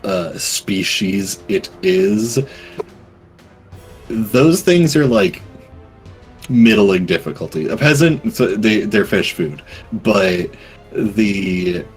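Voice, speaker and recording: A man narrating as game master of a tabletop game, casual and halting, with many fillers. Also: on the low side, lively intonation, soft background music.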